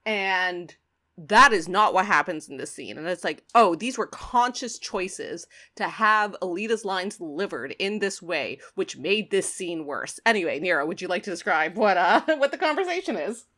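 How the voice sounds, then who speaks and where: A woman's voice: on the low side, animated, moderate pace, sharp tone. A woman co-hosting a podcast, chatting casually and ranting with swearing and frequent laughter. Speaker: podcast co-host.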